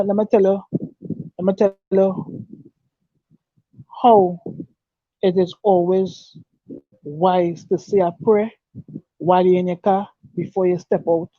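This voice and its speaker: A man giving an earnest, halting personal testimony, repeating and restarting his words. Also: high-pitched, no room sound. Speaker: guest telling his life story. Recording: dull dry lo-fi recording.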